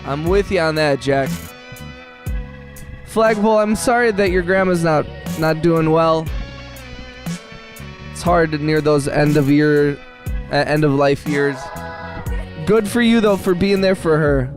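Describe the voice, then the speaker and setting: A man's voice: on the high side, unhurried, long pauses. A man hosting a music-making livestream from his phone, chatting casually with viewers, greeting them by name and laughing often. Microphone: phone mic.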